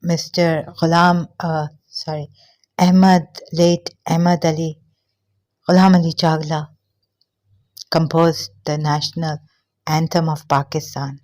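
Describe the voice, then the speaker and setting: Slow, breathless woman with a low voice. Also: flat delivery. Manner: halting, earnest, trailing off softly. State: short of breath. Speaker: vlogger. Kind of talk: personal opinion monologue.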